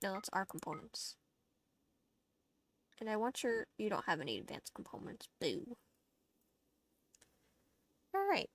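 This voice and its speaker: A woman's voice: on the high side, no room sound. A woman streaming a game, chatting casually to her viewers, giggly and talkative as she plays. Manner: chatty, giggly, talks to herself and chat while playing. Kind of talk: casual gameplay livestream chat.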